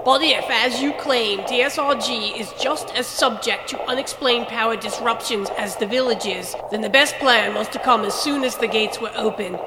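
A woman's voice: on the high side, moderate pace, few pauses, reverberant, in a large hall, very noisy, natural voice. A woman voicing a stern male army brigadier who speaks in firm, clipped commands.

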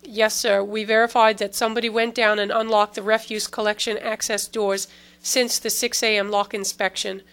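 A woman's voice: mid-range voice, little pitch movement, normal speed, fairly bright tone, lightly acted. A woman reading the part of a dutiful male army sergeant in an audiobook, giving a respectful report.

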